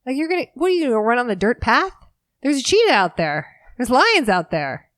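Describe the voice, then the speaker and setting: A woman quoting a laughing male resort guard, incredulous and raising her voice higher than her own. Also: big pitch swings, fairly quick, a bit bright, no room sound, studio quality.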